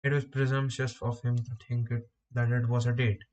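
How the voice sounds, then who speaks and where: A man's voice: medium pitch, little pitch movement, brisk, a little mellow, dull audio, faint music behind. A man on a live stream who repeats phrases from an English lesson aloud and adds chatty asides.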